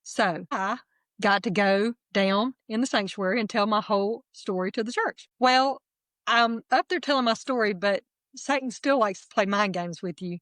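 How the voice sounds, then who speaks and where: A middle-aged woman, candidly telling her personal testimony as a guest in a lively, self-deprecating way. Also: mid-range voice, moderate pace, no echo.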